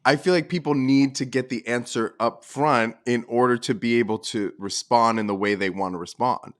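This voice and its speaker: A man's voice: mid-range voice, normal speed. A man co-hosting a podcast in casual chat, acting out bits of dialogue as he talks. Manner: animated, acts out quoted dialogue. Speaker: podcast co-host.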